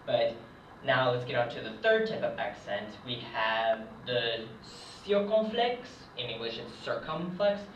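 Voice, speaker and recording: A man's voice: medium pitch, expressive, normal speed, a bit bright, slight background noise. A young man giving a casual whiteboard lesson as a hobbyist French teacher, hesitant with many ums. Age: young adult. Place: room, writing at a board. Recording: echoey, distant, dull lo-fi camera audio.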